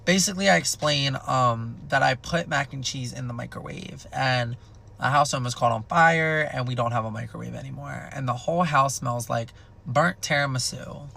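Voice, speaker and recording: A young man telling a wild personal story in a casual, animated and heavily profane way. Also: medium pitch, normal speed, creaky, slight background noise. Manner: animated, profane, dramatic retelling.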